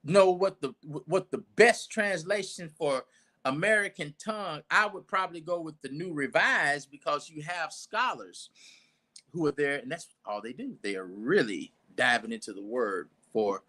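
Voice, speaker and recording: Preacher guy in church, chatty sermon, bright voice that jumps around a lot. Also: fairly high pitch, expressive, moderate pace. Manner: conversational, with restarts and asides, building emphasis. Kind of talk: informal sermon teaching.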